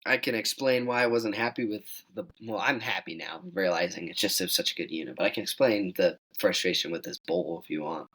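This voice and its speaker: Teen male guest, lowish voice, animated storyteller who jumps up in pitch for quoted lines. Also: a little fast, hardly any pauses, poor audio. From Wyoming. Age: teens. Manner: animated, acts out quoted dialogue in higher voice. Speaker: guest hunter. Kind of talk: casual storytelling.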